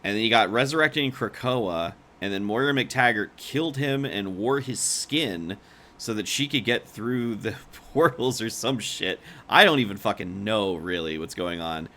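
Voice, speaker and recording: Bright-voiced man leading a podcast chat. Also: on the low side, lively intonation, normal speed. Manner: chatty, swears freely, leads the discussion. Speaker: podcast co-host. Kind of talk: casual comic-book ranking chat.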